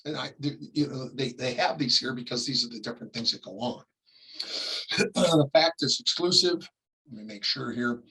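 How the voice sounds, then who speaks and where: Middle-aged guy teaching a class, husky bright voice, keeps coughing. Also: mid-range voice, low-quality recording. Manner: conversational, acts out quick examples, frequent coughs and throat clearing. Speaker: real estate ethics instructor. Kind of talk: classroom lecture.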